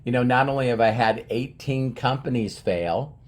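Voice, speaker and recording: A man's voice: medium pitch, normal speed. A man in his fifties giving an earnest, rambling motivational monologue, often restarting his sentences. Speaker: motivational speaker.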